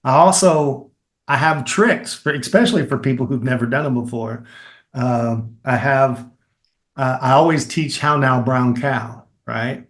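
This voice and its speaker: A middle-aged man with a Kentucky accent, a filmmaker and acting teacher, explaining his methods in a lively, demonstrative way as an interview guest. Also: medium pitch, measured pace. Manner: animated, explains with demonstrations and repeated phrases. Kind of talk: conversational interview.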